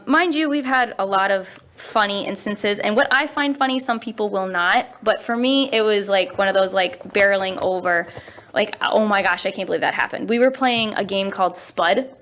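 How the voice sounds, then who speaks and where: A woman in her twenties, a youth pastor, telling funny stories in a casual interview, laughing often and jumping high in pitch for quoted voices. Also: fairly bright tone. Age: 20s.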